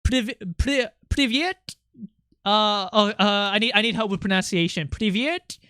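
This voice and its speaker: Streamer, casual stream chat while drawing, rambling, playful, smooth voice, dry close mic. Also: mid-range voice, normal speed, sharp tone, dry recording. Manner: rambling, playful, many fillers.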